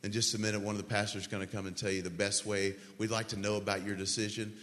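Earnest pastor in a reverberant church hall. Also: male voice, on the low side, flat delivery, a bit bright. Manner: earnest, slow and pleading, leading a prayer. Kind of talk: sermon altar call.

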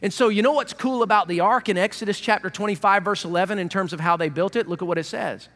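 A male pastor preaching a sermon in a humorous, animated way, acting out little voices. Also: high-pitched, fast talker, long reverb tail.

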